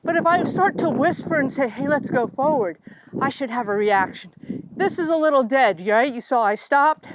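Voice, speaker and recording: A middle-aged woman riding instructor explaining calmly while riding, talking to her horse now and then. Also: high-pitched, normal speed. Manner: calm, coaching, talks to the horse between explanations. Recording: noisy outdoor recording.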